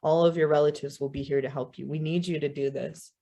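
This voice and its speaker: A woman telling a story puts on a wise male crow, patient but insistent, who speaks in a plain, low-set, conversational way. He urges and reassures rather than commands, dropping in casual "you know"s as he talks. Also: fairly even intonation, quick pace, mellow, muffled recording. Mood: earnest.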